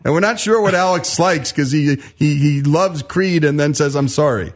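A man's voice: on the high side, moderate pace. A man hosting a radio talk show, jokey and leading the conversation in casual chat.

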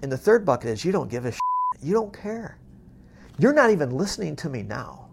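A man's voice: mid-range voice, sing-song, fast, gravelly, heavy background noise. A man who runs a moving company, telling motivational stories in a blunt, tough-love way, swearing freely and acting out the conversations he retells. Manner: acts out quoted conversations. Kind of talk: motivational storytelling.

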